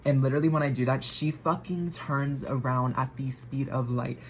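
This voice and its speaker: A woman's voice: a bass voice, steady tone, normal speed, a little hiss or hum, poor audio. A young woman vlogger telling a story while getting ready, rambling with lots of filler words and swearing.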